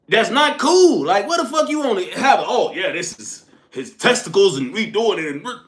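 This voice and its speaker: A man's voice: high-pitched, fairly bright tone. A man streaming a casual, profane rant, rambling in slang and calling his listeners "folk" and "bro". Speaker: streamer hosting a morning smoke session.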